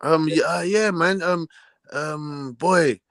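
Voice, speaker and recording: A young man with a London accent hosts a relaxed livestream chat. His voice sits a bit high, and he talks in slang with loud bursts and laughter. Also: slow pace, no room sound. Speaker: livestream host. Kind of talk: casual chat.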